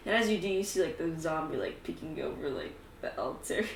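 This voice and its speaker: A woman narrating as game master, animated and laughing often, with lots of "like" fillers. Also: low voice, a little fast, gravelly, noisy background. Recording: echoey room, mic at a distance.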